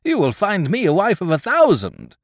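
A man voicing an aging, vain nursemaid who pines for her young master, in a high, wavering falsetto. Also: wildly swooping pitch, moderate pace, dry recording, clean studio sound, full character voice. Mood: pleading. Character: aging woman, pining nursemaid, wheedling and vain.

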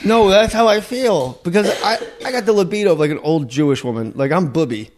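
A man's voice: sits high, fairly quick, slight background noise. A man hosting a podcast, chatting crudely and joking, often laughing and mimicking others. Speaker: podcast host. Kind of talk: casual comedic chat.

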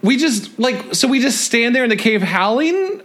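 A man's voice: extremely high pitch, big pitch swings, moderate pace, a bit bright. A man co-hosting a comedy podcast, chatting casually, joking and swearing with exasperation. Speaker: podcast co-host.

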